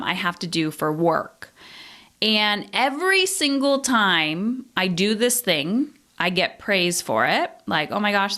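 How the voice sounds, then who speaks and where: A woman in her thirties talks alone into a podcast mic, reflective and frank. She speaks at a middle pitch, questions herself out loud and lets the odd curse slip in a casual way. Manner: candid, introspective, swears casually. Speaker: podcast host. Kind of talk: reflective solo podcast talk.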